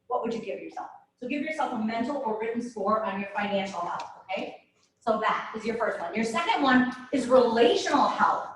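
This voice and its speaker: A middle-aged woman giving a motivational talk, asking her audience question after question. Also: on the high side. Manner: asks the audience many questions. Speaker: speaker. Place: room with a live audience. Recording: roomy echo from far off.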